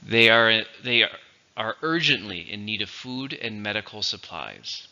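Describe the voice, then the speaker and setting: A man with a low, gravelly voice that still cuts through sharp and bright. He teaches vocabulary in a deliberate way, repeating each word with care. The recording sounds dull and lo-fi. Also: animated. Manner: slow, deliberate, repeats words for pronunciation. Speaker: English teacher. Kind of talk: vocabulary lesson with dictation.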